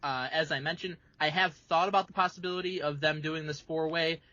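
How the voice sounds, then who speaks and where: Bright-voiced man, measured podcast co-host. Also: a little high, fairly even intonation, dry recording. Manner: measured, hedging. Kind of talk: casual sports chat. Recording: dull lo-fi sound.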